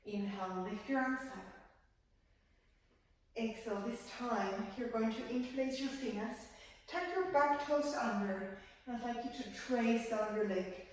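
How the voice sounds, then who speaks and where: A woman teaching a yoga class, calmly cueing breath and movement in a gentle, guiding manner. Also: medium pitch, slight background noise. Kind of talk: guided yoga class instruction. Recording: echoey room, voice from far off the mic.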